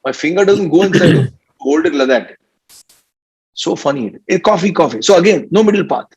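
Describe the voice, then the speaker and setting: Husky Indian English spiritual teacher. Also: male voice, fairly high pitch, animated, normal speed, a little mellow. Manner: playful, teasing, laughs often, mimics people. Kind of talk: informal spiritual discourse. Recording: dull lo-fi recording.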